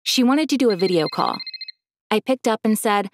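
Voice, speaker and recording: A woman narrating her own story in an expressive, casual way. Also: medium pitch, moderate pace, no room sound, clean studio sound.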